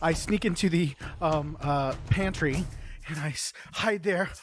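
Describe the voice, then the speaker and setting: A man's voice: a little high, unhurried, faint music behind. A man playing a tabletop game, talking hesitantly with many restarts. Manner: hesitant, full of ums and restarts. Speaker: player. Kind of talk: casual tabletop play.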